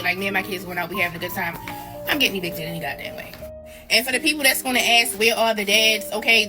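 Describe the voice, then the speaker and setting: A single mother in her forties talking bluntly and wearily about her stress, with some cursing. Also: on the high side. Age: 40s. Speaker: single mother posting a video. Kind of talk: candid personal vlog. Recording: music playing behind.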